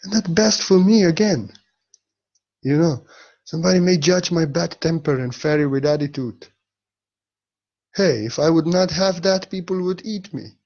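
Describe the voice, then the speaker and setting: A man giving a spiritual monologue with a husky voice, speaking emphatically and swinging between soft and loud. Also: fairly high pitch, normal speed, long pauses, highs cut off. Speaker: spiritual teacher.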